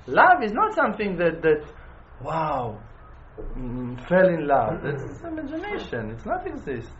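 A man giving an informal spiritual lesson in an animated way, repeating phrases for emphasis and restarting words mid-phrase. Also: on the high side, measured pace, muffled recording, slight background noise. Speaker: religious teacher.

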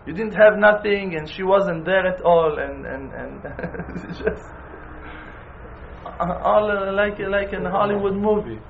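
Man, religious teacher, animated and repetitive, high lively pitch, slight background hiss. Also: unhurried, gravelly, narrow, tinny audio. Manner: animated, repeats phrases for emphasis. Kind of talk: informal spiritual lesson.

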